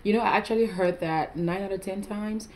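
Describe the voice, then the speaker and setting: A woman's voice: medium pitch, fairly even intonation, fairly quick. A woman hosting a talk show, asking questions and affirming her guest. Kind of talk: interview hosting.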